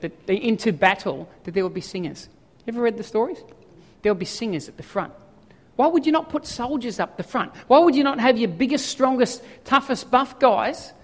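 A man preaching a sermon in an animated way, firing off rhetorical questions and building to loud emphasis. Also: very high-pitched. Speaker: pastor. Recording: long hall reverb.

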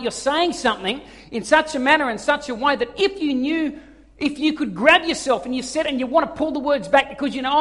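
A man, preaching a sermon and telling stories with acted-out quotes. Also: extremely high pitch. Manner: animated storytelling with acted-out quotes. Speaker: pastor. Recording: long hall reverb.

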